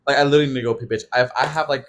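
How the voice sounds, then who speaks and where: A young man in his twenties, co-hosting a podcast and telling a story in a casual chat, animated and laughing often. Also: mid-range voice, very fast. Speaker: podcast co-host.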